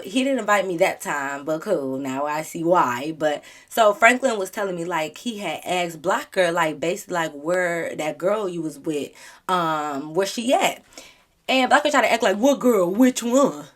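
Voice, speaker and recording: A young adult woman vlogger telling a storytime to her viewers in casual chat, animated and dramatic, laughing often. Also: on the low side, moderate pace. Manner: talks straight to her viewers.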